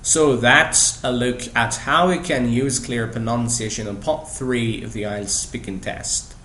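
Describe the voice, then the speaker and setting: A man's voice: medium pitch, fairly even intonation, a little slow, bright, forceful tone, slight background noise. A man whose first language is Persian, giving a scripted podcast lesson on exam tips and speaking to the listener directly with questions. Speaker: English test-prep teacher. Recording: echoey room with faint ambience.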